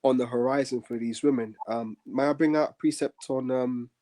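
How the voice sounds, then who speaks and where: Male co-host, mellow mid voice, earnest and measured scripture commentary. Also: mid-range voice, steady tone. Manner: earnest, measured, many "um" pauses. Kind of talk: religious podcast discussion.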